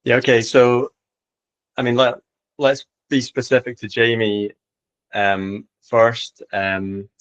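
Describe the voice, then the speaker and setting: A man in his forties from Edinburgh with a Scottish accent, talking in a relaxed, friendly way as a podcast guest, with fillers and repeats. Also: medium pitch, slow, low-quality recording. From Scotland, Edinburgh. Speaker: tennis coach, podcast guest. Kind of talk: casual interview chat.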